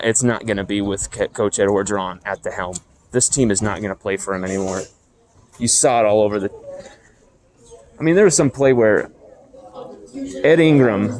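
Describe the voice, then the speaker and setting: A man's voice: lowish voice, darkish tone. A man hosting a sports commentary show, delivering a blunt, heated, profane opinion rant and repeating his points for emphasis.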